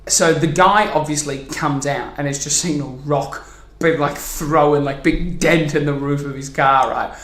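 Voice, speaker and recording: A young man, his voice sitting a little high, tells a story with plenty of swearing and laughter. He acts out the other people in it. The room has a clear echo. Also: steady tone, unhurried, hardly any pauses, fairly bright tone. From New Zealand. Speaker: podcast host. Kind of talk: casual storytelling chat. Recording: echoey room.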